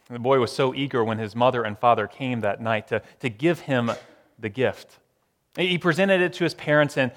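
A man preaching a sermon, moving between raised emphatic lines and hushed, slow repetitions. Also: mid-range voice, long reverb tail.

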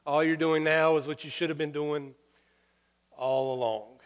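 A man preaching a sermon through personal stories, folksy and humorous, halting with fillers. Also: on the high side, fairly even intonation, clear, resonant tone. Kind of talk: sermon storytelling. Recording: long hall reverb.

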